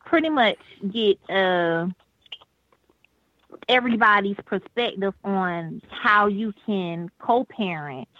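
A woman's voice: mid-range voice, lively intonation, slow, no echo. A woman co-hosting a casual podcast chat, outspoken and playful, calling in on a speakerphone. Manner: bold, outspoken and playful, with restarts. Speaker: co-host. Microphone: phone on speaker. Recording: dull speakerphone line.

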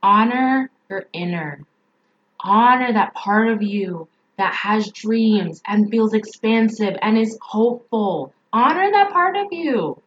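A woman's voice: a little high, animated, slow pace, muffled recording, a little hiss or hum. A woman mindset coach giving a motivational talk, repeating emphatic affirmations.

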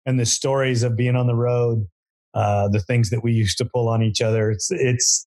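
A man hosting a casual interview, easygoing and quick to laugh. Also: mid-range voice, steady tone, darkish tone. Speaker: host.

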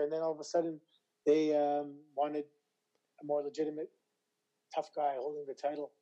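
A slightly hoarse man answering interview questions, his voice raised a touch above the usual male range yet very dark and mellow in colour. He tells stories with animated energy, often stumbling and restarting mid-sentence. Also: on the high side, normal speed, long pauses, dull audio. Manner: animated storyteller with frequent stammered restarts. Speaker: interview guest, former wrestler. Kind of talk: casual interview chat.

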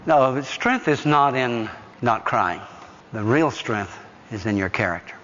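A man's voice: mid-range voice, expressive, unhurried. Emphatic preacher man in a dull hall. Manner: emphatic, dynamic preaching with sudden loud rises and soft drops. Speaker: pastor. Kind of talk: sermon.

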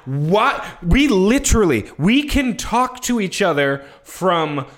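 A man co-hosting a podcast in casual chat, laughing a lot and acting out quick jokey bits. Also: high-pitched, sing-song, a bit bright. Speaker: podcast co-host.

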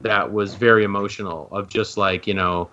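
A man with a fairly low voice chats as a podcast guest. He rambles, stacks fillers and restarts his sentences. The audio is dull and lo-fi. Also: steady tone, moderate pace, sharp tone. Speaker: guest, docuseries co-creator. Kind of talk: casual podcast conversation.

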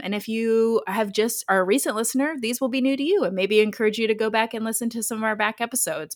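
A woman co-hosting a podcast in casual chat, teasing and laughing often. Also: medium pitch. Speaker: podcast co-host.

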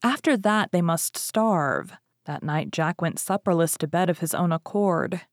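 A woman's voice: fairly low pitch, unhurried, no echo, studio quality. Woman reading a fairy tale aloud. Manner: expressive reading with lively rises. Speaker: story reader. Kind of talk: storybook narration.

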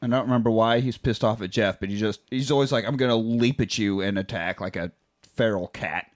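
A man's voice: lowish voice, fairly quick. A man co-hosting a movie rewatch podcast, chatting casually and cursing while retelling scenes. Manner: profane, retells movie scenes in acted quotes. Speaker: podcast co-host. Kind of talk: casual chat.

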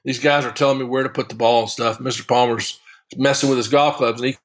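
A long drive golfer, speaking as an interview guest, tells a golf anecdote in a mid-range voice at a quick pace. He's a lively, chuckling raconteur, keeping things loose and friendly like an easy sit-down conversation.

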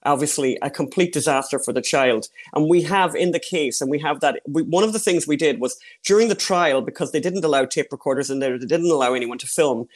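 A man talking as a guest in an interview, animated and repetitive, with plenty of "you know" fillers. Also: on the high side, brisk, few pauses. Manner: animated, repeats phrases, many fillers. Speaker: podcast producer, guest. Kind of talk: casual interview chat.

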